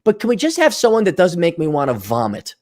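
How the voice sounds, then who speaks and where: In this ranting solo commentary, the podcast host has a slightly high voice and talks fast. He's sarcastic and foul-mouthed, animated throughout, mimicking people mockingly in quotes and adding scornful asides.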